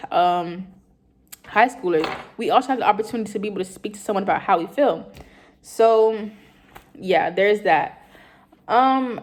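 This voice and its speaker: A young woman in college speaks in an everyday mid-range voice. She tells her story earnestly and loosely, wandering through her thoughts with lots of fillers. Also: mid-range voice. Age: young adult. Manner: earnest, rambling, many fillers. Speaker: college student. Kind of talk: personal storytelling vlog.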